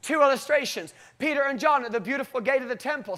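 High-voiced man preaching a sermon. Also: fast. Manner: animated storytelling, often breaking into acted voices.

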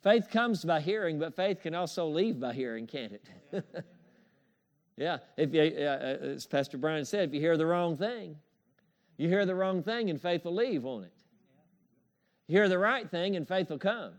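Male pastor, high voice, emphatic preaching with repeated amens and soft chuckles. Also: expressive, normal speed. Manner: emphatic, repetitive call-and-response preaching with chuckles. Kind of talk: sermon.

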